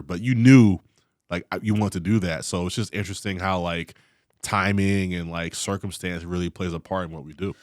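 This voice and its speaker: A man's voice: sits low, fairly even intonation, moderate pace, dry recording, studio quality. A man hosting a casual podcast conversation with friendly, ribbing banter. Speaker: podcast host, veteran.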